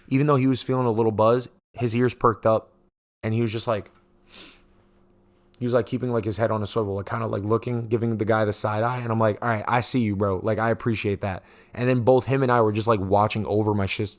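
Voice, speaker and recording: A young man hosting a podcast, telling a profane, animated story alone and acting out the voices of the people in it. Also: medium pitch. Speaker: podcast host. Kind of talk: casual solo storytelling. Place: podcast studio.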